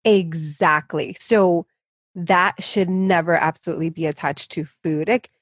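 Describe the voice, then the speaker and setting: A woman fitness coach speaks as a guest in an interview, frank and emphatic, often pushing ahead in quick rushes. Her voice sits on the low side for a woman. The recording is dry, with almost no room sound. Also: steady tone, no echo. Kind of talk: candid interview talk.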